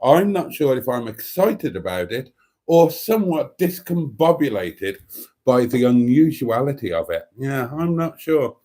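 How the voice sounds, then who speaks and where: A man hosts a live stream, reading viewer comments in a theatrical, camp style, calling everyone darlings and wandering off into self-mocking muttered asides. His mid-range voice is warm and sing-song, with a measured pace.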